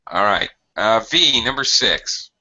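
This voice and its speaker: A patient man teaching English over a call, his low voice bright and forceful. His pitch jumps around a lot as he acts out example lines. The audio is dull and lo-fi. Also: animated, slow. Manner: patient, explains with acted example sentences. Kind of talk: online group English lesson.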